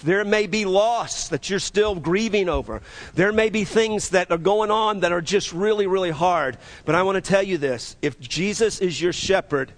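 Male pastor with a high voice, preaching with emphasis and repetition. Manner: emphatic, repeats phrases, leads congregation in saying lines. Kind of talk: sermon.

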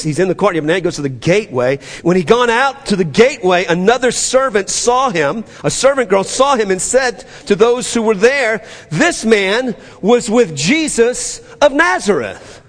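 A man with a New Orleans accent preaching a sermon as pastor, animated and acting out the scripture dialogue with stammered restarts. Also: high-pitched, a little fast, few pauses. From New Orleans area. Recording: long hall reverb.

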